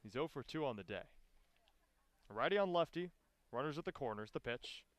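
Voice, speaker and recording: A man calling live baseball play-by-play, with his voice climbing sharply in pitch and volume on big plays. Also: animated, fast talker, no echo. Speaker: play-by-play announcer.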